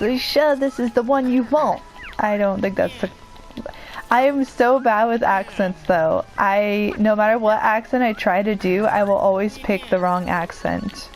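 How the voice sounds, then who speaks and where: A woman's voice: on the high side, rough recording. A young woman rambling and joking at her own expense while commenting on a video game she plays. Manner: rambling, self-deprecating, chatty. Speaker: let's play commentator. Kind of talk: casual gameplay commentary.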